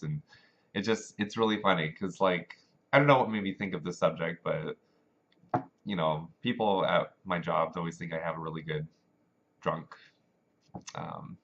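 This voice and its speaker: A man hosting a casual monologue show, talking in an animated, rambling way with many fillers, in a dull lo-fi recording. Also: lowish voice. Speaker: show host.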